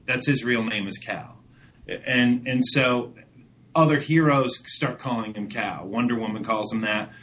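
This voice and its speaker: A man co-hosting a casual podcast chat, talking haltingly with many restarts. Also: medium pitch, fairly bright tone. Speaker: podcast co-host.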